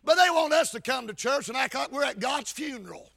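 A man preaching a shouted revival sermon with a chanted cadence, folksy rural speech and frequent calls of "Amen". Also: very high voice, expressive, brisk, vocal fry.

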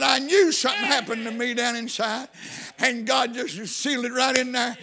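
A preacher man gives his testimony in a very high voice. His tone is bright and forceful, with a folksy, repeating cadence that swells into fervent shouts. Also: steady tone, normal speed, gravelly. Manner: fervent, rising to shouts and whoops. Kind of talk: testimony sermon.

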